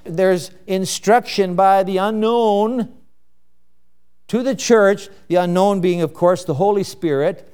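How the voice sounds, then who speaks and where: A man's voice: sits high, slow, darkish tone, clean tone. A man preaching an expository sermon, reading scripture and explaining it with rhetorical questions.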